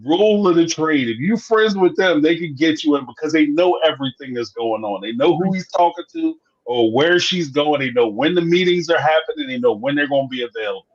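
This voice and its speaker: An animated man hosts a live reality TV review show, telling office stories in casual stream chat. His fairly high voice runs a little fast with hardly any pauses, and he acts out dialogue and laughs often, all in slightly dull lo-fi sound.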